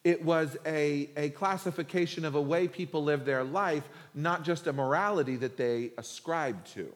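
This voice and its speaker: A male pastor preaching in a lively, conversational style, full of humor. His voice sits a touch high for a man. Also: normal speed, in a large hall. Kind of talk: sermon.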